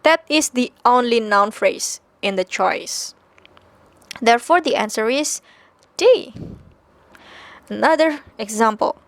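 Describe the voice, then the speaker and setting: Woman teaching english grammar, indonesian first language, high voice, patient step by step, dry close sound. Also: animated, takes it slowly, pauses often, dry recording. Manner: patient, explains step by step with fillers and self-corrections. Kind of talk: recorded grammar lesson.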